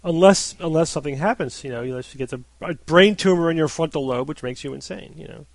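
A man with a gravelly, creaky voice leads a podcast panel. He talks in a measured way and reads emails to the group. The sound is close and dry, with no room echo. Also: a little high. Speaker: podcast host. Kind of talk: casual podcast panel talk.

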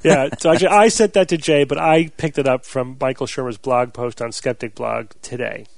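A man hosting a podcast in casual panel chat, relaxed and laughing easily. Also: medium pitch, fairly quick, vocal fry, no room sound. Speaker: podcast host.

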